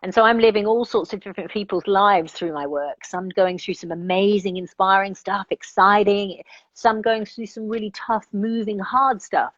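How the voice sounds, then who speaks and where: A woman coach talks through her ideas in an earnest, reflective way, often pausing on "you know" as she works her thoughts out. Her voice sits at a middling pitch. The sound is a dull, muffled video-call recording in a dry space with no room echo. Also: fairly even intonation. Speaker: life coach and podcast guest. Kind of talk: reflective interview conversation.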